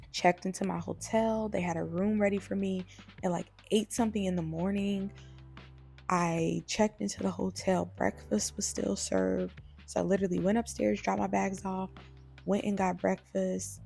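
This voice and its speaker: A young woman vlogger chatting casually about a trip, talking in a lively way with lots of fillers. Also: medium pitch, gravelly. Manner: chatty, animated, many "like"s. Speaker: travel vlogger. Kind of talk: casual storytelling vlog.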